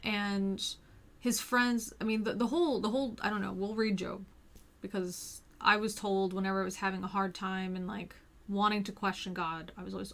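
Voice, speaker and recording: A woman hosts a relaxed, casual talk in a voice of middling pitch. She rambles and often restarts her sentences. She fills her pauses with frequent ums. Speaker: host. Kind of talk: casual chat.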